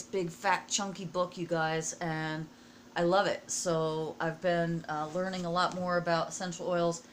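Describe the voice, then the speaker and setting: A hoarse, fairly low-voiced middle-aged woman from the United States speaks to her viewers in a casual vlog. She gets emotional and keeps clearing her throat. A faint noise sits under her voice. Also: a bit bright. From USA. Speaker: vlogger. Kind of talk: casual personal vlog talk.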